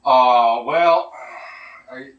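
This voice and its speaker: A man voicing a loud, joking, middle-aged local cousin who speaks Hawaiian Pidgin, rambles and mangles big words. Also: mid-range voice, very slow. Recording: roomy sound, mic at a distance.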